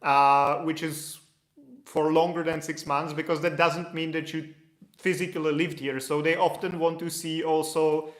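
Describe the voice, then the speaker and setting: During a casual Q&A livestream, a man answers viewer questions in a loose, explanatory way and restarts his sentences. His voice is on the high side and flat, at a measured pace, with a reverberant sound.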